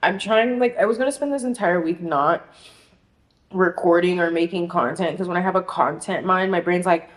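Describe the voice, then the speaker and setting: A woman's voice: fairly low pitch, normal speed. A young woman in her twenties rambling in a casual vlog at home, scattered and frantic, swearing and filling with "like". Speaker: vlogger. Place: apartment. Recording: echoey room with faint noise.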